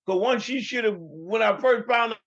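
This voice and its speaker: A man in his fifties with a New York accent speaks in a high, fairly bright voice at a normal pace, though the audio is dull. As a podcast guest he tells family stories casually, rambling and restarting often.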